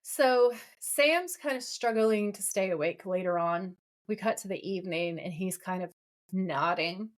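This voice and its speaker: A woman's voice: mid-range voice, a little slow. A woman co-hosting a podcast, chatting casually as she recaps a TV episode and reads out lines from it. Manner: retells scenes by reading out lines, with many fillers. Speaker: podcast co-host.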